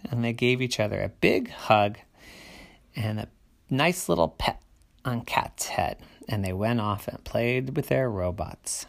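Bedtime-story narrator, male, hushed and half-whispered, slow and gravelly. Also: medium pitch, animated. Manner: soft, often whispered, hushed.

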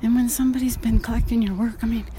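A woman's voice: on the high side, steady tone, fast talker, very noisy. A woman painter talking frankly while walking outdoors, sighing and swearing casually, a bit out of breath. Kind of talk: casual vlog monologue.

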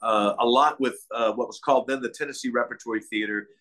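Speaking fast in a medium-pitched, slightly bright voice, an older man from Kentucky, USA, chats as a guest actor in a relaxed interview. His stories tend to wander.

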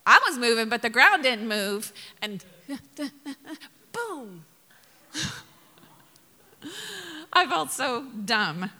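A woman's voice: fairly high pitch, expressive, takes it slowly, pauses often, bright, forceful tone, long reverb tail. A woman pastor from Mississippi preaching a sermon, telling funny stories with laughs and sudden emphatic bursts.

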